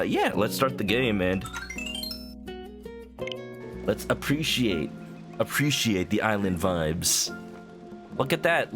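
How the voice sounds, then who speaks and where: Over game music, a man with a voice on the low side casually comments while streaming a video game. He's playful and joking, rambling along with little stammers.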